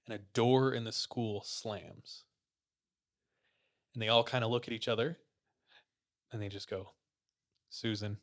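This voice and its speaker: A man hosting a podcast, casually retelling a listener's ghost story to his co-hosts in a relaxed, slangy way. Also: lowish voice. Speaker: podcast host.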